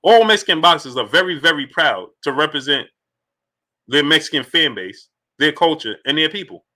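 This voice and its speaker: A man with a high-side, pushed, bright voice hosts a boxing livestream at normal speed with lively intonation. He greets chat viewers by name and fires off rhetorical questions.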